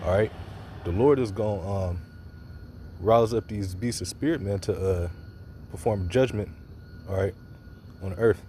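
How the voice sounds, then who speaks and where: Deep, dark-voiced man preaching loosely. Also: measured pace, pauses often, slight background noise. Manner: informal, loose, many fillers and repeated "all right". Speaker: religious commentator. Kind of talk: preaching commentary on a video.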